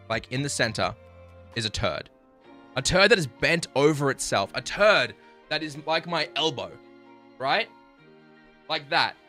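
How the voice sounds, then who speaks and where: Australian male streamer, bright forceful voice, crude animated storytelling, soft music underneath. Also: mid-range voice. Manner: animated, crude, self-mocking. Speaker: livestreamer. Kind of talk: casual storytelling to stream chat.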